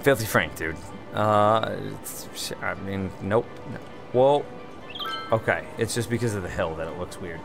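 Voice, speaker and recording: A man streaming a city-building game who reads chat aloud and answers with dry, teasing replies. He is one beer in and a little loose. Soft game music plays faintly under his voice. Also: on the low side, a little slow, creaky. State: one beer in, slightly tipsy. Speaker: livestream gamer host. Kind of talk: casual livestream chat.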